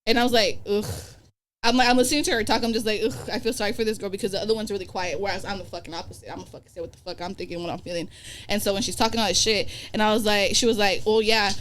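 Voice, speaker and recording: A woman's voice: medium pitch, fairly even intonation, very fast, fairly bright tone, slight background noise. A young adult woman, a podcast guest, telling a story in casual chat, swearing freely and acting out the quoted dialogue. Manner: profane, acts out quoted dialogue. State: pregnant.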